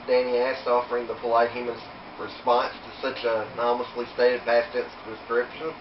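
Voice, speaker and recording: A man's voice: medium pitch, monotone, brisk, hardly any pauses, noisy background. Man reading a story in an echoey room. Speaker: author reading his book. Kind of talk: reading fiction aloud. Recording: roomy, distant, dull home recording.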